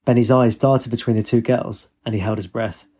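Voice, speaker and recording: A man reading a story aloud in a steady, even storytelling manner. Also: mid-range voice, moderate pace, husky. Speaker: narrator. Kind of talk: storybook narration.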